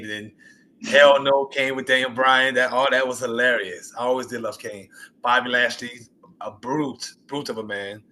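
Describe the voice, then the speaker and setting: A young man, an indie wrestler, talking excitedly and rambling about his favorite matches in a casual interview. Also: medium pitch. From US Gulf Coast. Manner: animated, rambling, excited storytelling.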